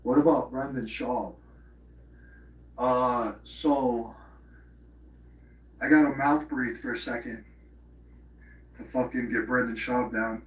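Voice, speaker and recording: A man's voice: medium pitch, steady tone, takes it slowly, long pauses, fairly bright tone. A man hosting a live stream, rambling in profane casual chat and slipping into mock impressions. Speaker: livestream host. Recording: roomy, distant from the mic.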